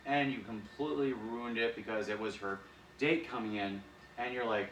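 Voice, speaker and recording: Animated, rambling male drama coach. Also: fairly low pitch, moderate pace, a little hiss or hum. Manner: animated, rambling, lots of fillers. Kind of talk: casual drama practice talk. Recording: echoey room, distant mic.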